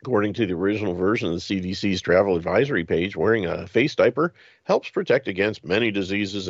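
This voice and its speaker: A man's voice: sits low, darkish tone, slightly rough, dry recording, dull audio. A man hosting a show, reading news items aloud and breaking in with mocking, chuckling asides. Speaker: podcast host.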